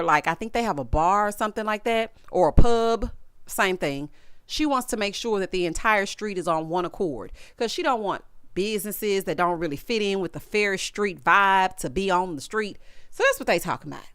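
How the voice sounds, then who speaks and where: A woman's voice: mid-range voice, fairly bright tone, clean tone, no echo, clean studio sound. A woman with a Southern US accent giving a sassy, gossipy recap of a reality show, talking to viewers as honey and y'all. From Southern United States. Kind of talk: casual recap commentary.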